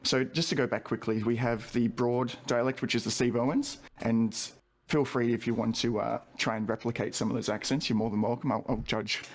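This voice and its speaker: A man with a general Australian accent talks through regional dialects in a relaxed online chat. His voice has a gravelly, creaky edge, and he circles back with fillers and restarts as he explains. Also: medium pitch, a little fast, hardly any pauses. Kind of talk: casual online panel chat.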